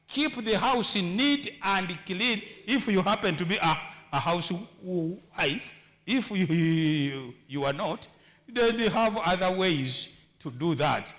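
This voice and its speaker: In a church, a man with a high, slightly bright voice and a Ugandan English accent preaches a humorous sermon on marriage. He frequently repeats himself and stumbles over words.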